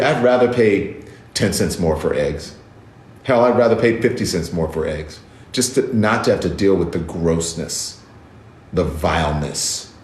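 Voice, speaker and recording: A man talks straight to his viewers in casual commentary, indignant and emphatic, hammering the same words again and again. His voice sits a little low, and the room around him rings with a noticeable echo. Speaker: news commentator and show host. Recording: roomy echo.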